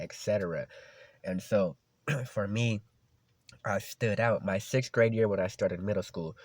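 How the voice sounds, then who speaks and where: A man's voice: low voice, darkish tone, no echo. A young man casually telling a story from his school days, talking in loose slang with lots of "like" and "you know".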